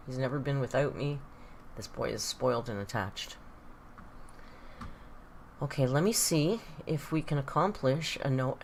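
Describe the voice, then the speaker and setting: A woman's voice: very deep voice, a little slow, long pauses, a little mellow, slight background noise. A woman from southern Ontario with a Canadian accent, chatting casually and laughing often while hosting a livestream. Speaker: livestream host. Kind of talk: casual live chat with viewers.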